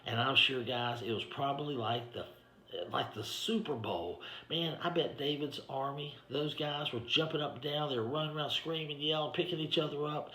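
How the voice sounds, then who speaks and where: A man's voice: on the high side, moderate pace, bright, forceful tone. Folksy man telling a story. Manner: folksy, conversational, lots of "you know". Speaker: ministry director giving a devotional. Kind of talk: informal devotional storytelling. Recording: echoey room.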